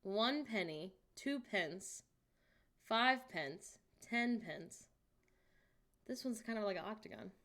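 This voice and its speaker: A woman's voice: medium pitch, lively intonation, slow pace, pauses often, fairly bright tone. A young American woman hosting a casual live stream, reading chat aloud, joking and laughing often, with incredulous outbursts. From United States. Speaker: livestream host.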